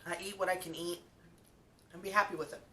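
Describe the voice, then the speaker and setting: A young woman with a bright, forward voice chats casually while eating, filling pauses with um and like. She sits a little back from the mic, with a faint rumble in the room. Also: steady tone, distant mic. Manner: chatty, lots of fillers like um and like. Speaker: mukbang vlogger.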